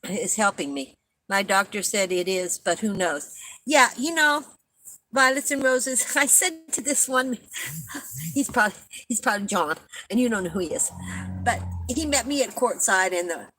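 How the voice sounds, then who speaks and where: A woman's voice: medium pitch, bright, forceful tone, poor audio. An older woman hosting a casual live-stream chat, rambling and chatty, laughing at her own stories and coughing often.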